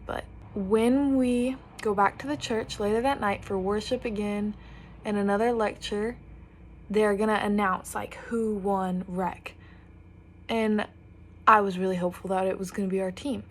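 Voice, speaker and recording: A young woman telling a chatty storytime while getting ready, animatedly quoting others. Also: medium pitch. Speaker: vlogger.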